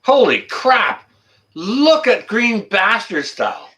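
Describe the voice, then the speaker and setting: A man talks loosely with his viewers on a live stream. He is blunt and jokey, and he swears without a second thought. His pitch swings around a lot, and his voice is bright and forceful. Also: animated, measured pace. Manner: blunt, swears freely, chatty and joking. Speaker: channel host answering live chat. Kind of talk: casual live-stream chat.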